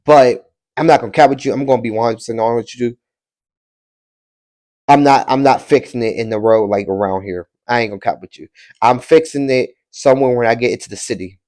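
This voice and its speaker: A man's voice: mid-range voice, fairly quick, a little mellow. Chill guy reacting to a video, slangy and chatty, mid voice. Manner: laid-back, slangy, chatty. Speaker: reaction streamer. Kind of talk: casual reaction commentary.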